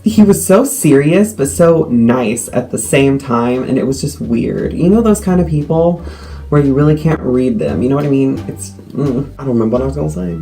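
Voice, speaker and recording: A teenage boy telling a story to the camera in a rambling way, full of "like" and quick asides. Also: mid-range voice, low-quality recording. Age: teens. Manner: rambling with many likes, animated retelling. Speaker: vlogger.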